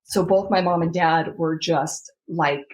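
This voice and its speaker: A woman's voice: lowish voice, fairly even intonation, measured pace, darkish tone, rough recording. A woman guest on a podcast, telling a personal story earnestly, with many fillers and restarts.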